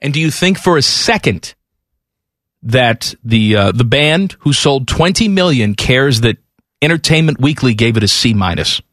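A man hosting a sports radio show, in teasing, animated banter. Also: medium pitch, moderate pace, no room sound, clean studio sound.

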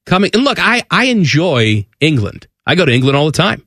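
A man's voice: fairly high pitch, very animated, brisk, a bit bright, dry recording. A man co-hosting a sports radio show in casual banter, sarcastic and incredulous, close on a studio mic.

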